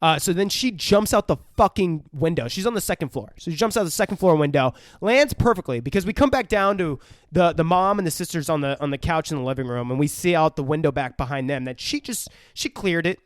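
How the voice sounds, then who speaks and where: A man's voice: a little high, expressive, a little fast, no echo, clean studio sound. A man co-hosting a podcast, retelling a film scene by scene with lots of swearing and acted-out quotes. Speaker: podcast co-host. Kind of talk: casual film review chat.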